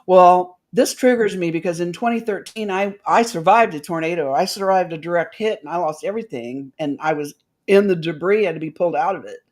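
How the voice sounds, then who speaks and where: A woman's voice: on the low side, a little fast, a little mellow. A woman guest on a talk show, telling an emotional personal story and acting out the voices of the people in it.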